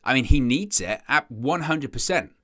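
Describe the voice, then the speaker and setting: A man's voice: mid-range voice, animated, normal speed, fairly bright tone. A man hosting a football fan stream, chatting casually and rambling, reading viewer comments and acting out imagined fans. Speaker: fan channel host.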